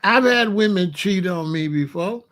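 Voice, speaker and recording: Livestream host, middle-aged man, higher-pitched voice, blunt and animated, talks straight to his chat. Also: unhurried. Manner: animated, blunt, colloquial, asks chat for examples. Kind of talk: casual livestream talk to chat.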